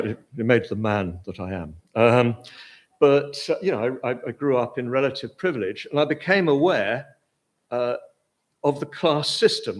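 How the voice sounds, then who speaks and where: An older man with a posh English accent giving an informal Buddhist talk, hesitant, with many fillers and restarts. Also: medium pitch. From Britain. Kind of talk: informal lecture.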